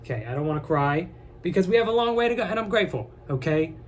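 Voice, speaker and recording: Youngish guy rambling to his viewers, kinda high voice, joking and halting, faint hiss behind. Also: expressive. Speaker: vlogger. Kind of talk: casual rambling to camera.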